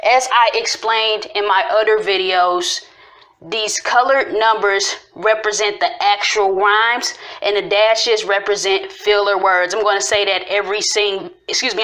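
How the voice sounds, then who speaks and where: A woman's voice: medium pitch, fairly bright tone. A woman casually explaining rhyme patterns in a video, repeating and stretching syllables as she goes. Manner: talks through syllables slowly, repeating and stretching sounds.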